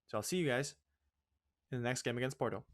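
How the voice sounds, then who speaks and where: A young man hosting a let's play, ranting in exasperation and swinging loud and high when upset. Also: fast talker. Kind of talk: ranting game commentary.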